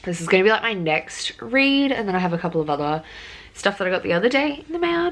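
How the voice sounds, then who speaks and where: A woman's voice: mid-range voice, very animated, fast talker, fairly bright tone. A young Australian woman chatting casually about new books for her vlog, rambling with plenty of ums and restarts. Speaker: book vlogger. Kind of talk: casual book haul vlog.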